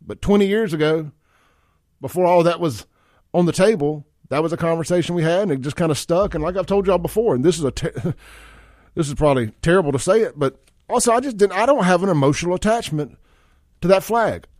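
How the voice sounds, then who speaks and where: This talk radio host, a man from Mississippi, delivers a casual monologue, rambling in a folksy manner and restarting often. His voice is fairly high, brisk, and a little mellow, captured dry on a studio microphone with studio quality.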